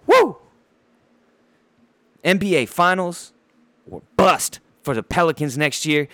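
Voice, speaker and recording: A man's voice: fairly high pitch, lively intonation, moderate pace, bright, forceful tone, no room sound. A man hosting a podcast, ranting about basketball with constant swearing, stumbling over his words while fired up and bouncing around with a handheld mic. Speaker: podcast host. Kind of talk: profane sports rant.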